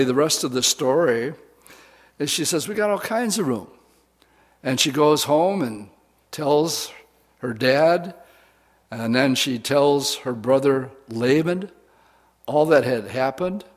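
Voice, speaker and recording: A man's voice: medium pitch, slow, pauses often. A man preaching a sermon, retelling a scripture story in casual, folksy words to a women's audience.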